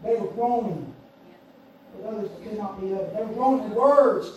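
A man preaching a sermon, emphatic and repetitive, swinging between shouts and hushed passages. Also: high voice, moderate pace. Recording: echoey room, voice far from mic, faint hiss.

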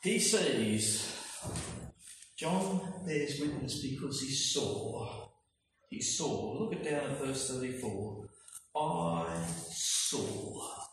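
Man, preacher, unhurried sermon, rhetorical questions, very roomy distant sound, faint background noise. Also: mid-range voice, expressive. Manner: emphatic, rhetorical questions, slow stressed phrases. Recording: echoey hall from far off, faint noise.

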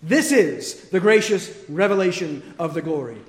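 A man preaching an expository sermon with emphatic points that swing from forceful to quiet. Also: high-pitched, expressive, normal speed. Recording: echoey hall with long reverb.

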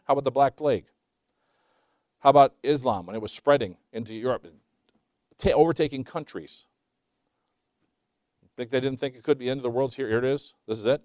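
An older man in his sixties preaches a sermon, firing rhetorical questions at his listeners. He swings from loud, emphatic lines to quiet, hushed asides. His mid-pitched voice sounds dry and close to the mic. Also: no echo.

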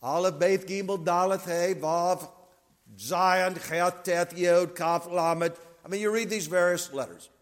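A man with a high-sitting voice and steady tone speaks a little slowly while teaching a Bible class. He explains step by step, repeats key points, and checks that listeners follow, with the long reverb of a hall in the recording.

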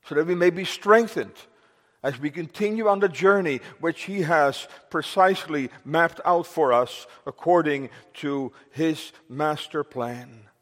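A male pastor delivers a grave, pleading sermon with slow, weighty emphasis and a voice pitched a little high. His words ring out with the long reverb of a church sanctuary. He moves into formal prayer with archaic phrasing. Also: a bit bright. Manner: solemn, urgent preaching with slow emphatic pauses.

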